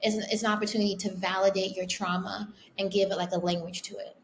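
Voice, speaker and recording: A woman's voice: mid-range voice, flat delivery, quick pace, slight background noise. A woman speaking as a podcast guest and author, earnest and reflective, talking in long flowing sentences. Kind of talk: casual interview talk.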